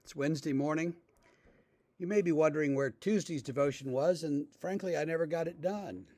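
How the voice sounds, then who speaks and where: A male pastor giving a relaxed, conversational devotional talk, telling stories with frequent fillers. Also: on the high side, brisk, no echo.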